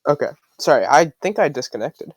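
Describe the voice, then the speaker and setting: A man's voice: a little high, lively intonation, fairly quick, slightly rough, no room sound. A man player in a tabletop game, apologetic and hesitant.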